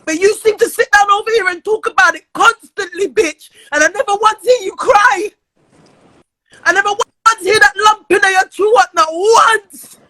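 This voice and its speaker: Furious high-voiced woman. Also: normal speed, no room sound. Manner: angry, loud and profane, often near tears. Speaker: live streamer. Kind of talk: heated livestream rant.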